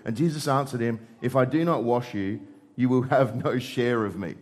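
A middle-aged man preaching a sermon, acting out dialogue with rises and drops in pitch and volume. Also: normal speed. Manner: animated, acts out dialogue with shifting pitch and volume.

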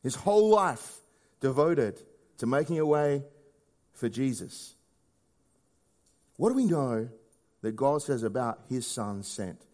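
A man preaching a sermon in a conversational way, often asking rhetorical questions and swinging between hushed low lines and raised emphatic ones. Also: very animated, slow, pauses often.

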